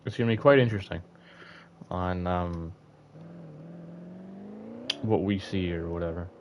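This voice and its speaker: A man's voice: low-pitched, a little slow, slight background noise. A young man streaming, chatting casually to his viewers, rambling with lots of fillers and restarts. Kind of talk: casual live-stream chat.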